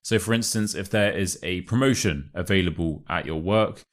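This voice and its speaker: A young man with a modern RP British accent teaching English expressions, speaking clearly and slowing down for example phrases. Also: low-pitched. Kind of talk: online English lesson.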